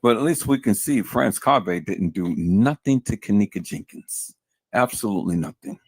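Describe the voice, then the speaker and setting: Livestream host, male, very low and husky, venting fury at his audience, dry close mic. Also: expressive, moderate pace, a little mellow, no room sound. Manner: furious, repeats himself, addresses viewers as peoples. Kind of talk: angry livestream commentary.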